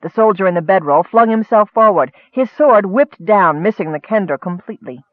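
High-voiced male fantasy narrator. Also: normal speed, dry recording. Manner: steady storytelling, rising for action. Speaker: audiobook narrator. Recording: dry, tinny phone-like sound.

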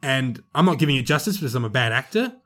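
A man co-hosting a film podcast, talking in an animated, rambling way with strong emphasis. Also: mid-range voice, fast talker. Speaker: podcast co-host, film reviewer. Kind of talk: casual chat.

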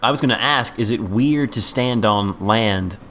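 A man's voice: on the low side, unhurried, a bit bright, slight background noise. A man hosting a podcast in casual chat, friendly and a little hesitant when he asks questions. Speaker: podcast host.

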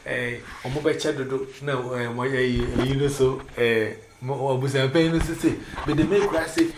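Ghanaian guy telling a story, lively, does the voices, kinda echoey room. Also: mid-range voice, background noise. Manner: animated, quotes others in raised voices. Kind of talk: casual storytelling mixing English and Twi. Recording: roomy echo.

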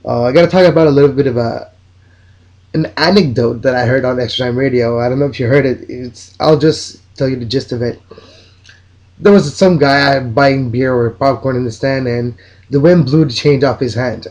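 Excited soccer podcaster. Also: male voice, medium pitch, normal speed. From Mexico. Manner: enthusiastic, opinionated, rambling. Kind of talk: solo podcast commentary.

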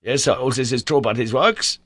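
A man voicing an excitable, eccentric old male professor who stammers when flustered. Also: medium pitch, fairly quick, dry recording, pitched above the performer's own voice, natural voice. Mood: eager.

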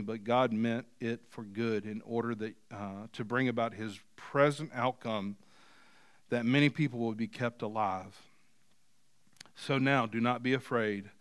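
A male pastor preaching a sermon, moving from quiet scripture reading to loud, emphatic points. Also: mid-range voice, fairly even intonation, measured pace, smooth, no echo. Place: church.

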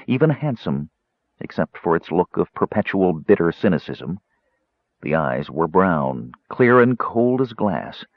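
Deep-voiced male audiobook narrator. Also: no room sound. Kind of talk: scripted narration. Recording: slightly muffled audio.

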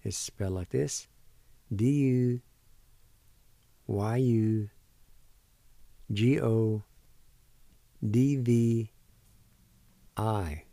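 A man hosting a radio language lesson. He spells words letter by letter and says them again slowly, one syllable at a time, in a patient, deliberate way. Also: lowish voice, creaky, mellow, no echo. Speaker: radio host teaching vocabulary.

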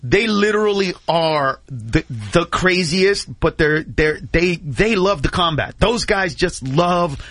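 High-voiced excitable comedian man. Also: slow pace, hardly any pauses, no room sound. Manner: excitable, says dude and bro a lot, acts out voices. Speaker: comedian guest. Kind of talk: animated anecdote telling on talk radio.

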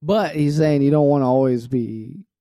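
A man co-hosting a laid-back podcast, trading jokes and reading lines with mock drama. His voice sits at a middle pitch. The sound is close and dry, with no room in it. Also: normal speed, dark tone, dry recording. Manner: jokey, reads lyrics dramatically. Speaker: podcast co-host. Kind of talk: casual podcast banter.

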